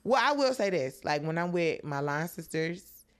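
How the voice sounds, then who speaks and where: A woman's voice: on the low side, expressive, moderate pace. A woman guest on a podcast, telling stories in a laid-back casual chat, with many "like"s. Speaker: comedian guest.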